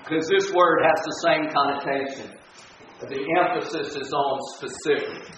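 A man's voice: moderate pace, a bit bright, a little hiss or hum. A man preaching a sermon, emphatic, often repeating his points and asking "all right?" to his listeners. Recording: echoey distant low-fi room recording.

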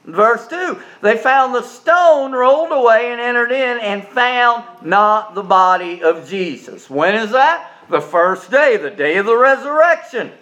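A man preaching a sermon, folksy and emphatic, jumping from quiet asides to loud stressed lines and often repeating words as he starts a sentence. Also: very high voice, lively intonation, a little slow, few pauses.

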